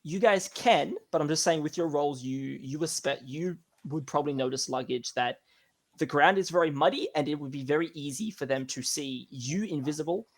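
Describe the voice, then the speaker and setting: A man's voice: fairly high pitch, normal speed. A man running a tabletop game as game master, rambling with restarts. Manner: rambling, many fillers and restarts.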